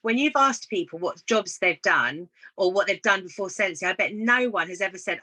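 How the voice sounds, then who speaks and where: A woman chats as a guest on a casual live video call, telling encouraging anecdotes and voicing the people in them. Her voice sits at a middle pitch with a bright, forward tone. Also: expressive, normal speed, poor audio. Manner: storytelling, encouraging, acts out quoted dialogue. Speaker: guest business consultant.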